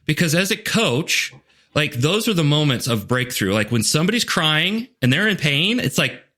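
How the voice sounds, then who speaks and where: Rather high and sing-song, with a sharp tone and a moderate pace, this man's voice belongs to a leadership coach guesting on a conversational podcast interview. He's earnest and full of stories, dropping plenty of "like" and "you know" and voicing quoted people in asides.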